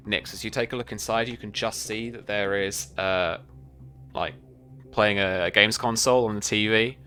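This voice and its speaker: A man's voice: on the low side, fairly even intonation, moderate pace, pushed and bright. A man narrating a tabletop game as game master, describing scenes loosely with many fillers.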